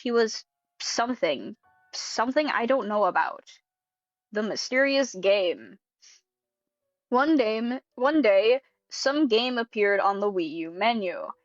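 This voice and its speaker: A woman's voice: mid-range voice, dry recording, highs cut off. A young woman reading a creepypasta aloud in a casual way, breaking off to laugh and comment. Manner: quick, giggly and sweary. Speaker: creepypasta reader.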